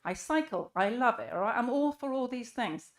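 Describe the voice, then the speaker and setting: A woman's voice: fairly high pitch, expressive, normal speed. A middle-aged woman delivers an impassioned speech at a live public debate. She is emphatic and earnest, stacking rhetorical questions as she builds her case. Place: live event in a room.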